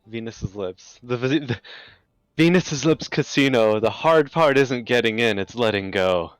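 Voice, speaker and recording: A man's voice: mid-range voice, animated, a little slow, clear, resonant tone, no room sound. A man playing a tabletop game, joking wryly and describing his character's actions. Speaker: player. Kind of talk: casual tabletop game chat.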